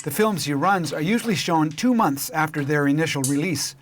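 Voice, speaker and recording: A man narrating a local television documentary in a measured, clear storytelling voice. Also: a little high, expressive, slight background noise. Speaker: program narrator and host.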